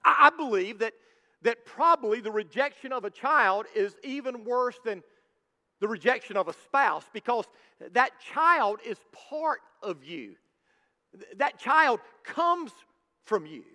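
A man preaching a sermon as a pastor, emphatic and rising to shouts at the high points. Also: animated, unhurried. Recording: long hall reverb.

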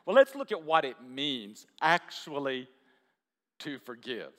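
A pastor speaks slowly yet very animatedly, his mid-range voice pushed and bright, in a church hall with a big-room sound. He preaches conversationally to the congregation and asks them many questions.

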